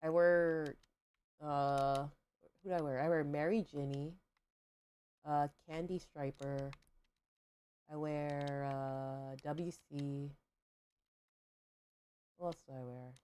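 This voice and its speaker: A woman's voice: low-pitched, steady tone, takes it slowly, pauses often, warm tone, smooth. A young adult woman hosting a game livestream, chatting casually in a rambling way, full of fillers and questions to herself. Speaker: livestream host. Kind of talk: casual chat while gaming.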